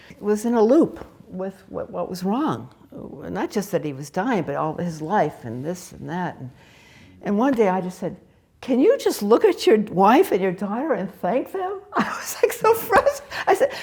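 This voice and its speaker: A woman's voice: fairly low pitch, gravelly, darkish tone, husky. An older woman Zen teacher giving a candid, laughing, conversational dharma talk and answering questions. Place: meditation hall.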